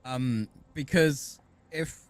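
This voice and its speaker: A man's voice: medium pitch, very slow, no room sound. A man who played in the game, explaining his character in a casual chat and thinking aloud.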